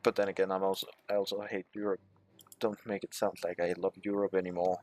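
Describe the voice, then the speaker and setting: A man's voice: deep voice, little pitch movement, fast, a little mellow. A man giving casual gameplay commentary, reading game text aloud with muttered, swearing asides. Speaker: strategy game let's player.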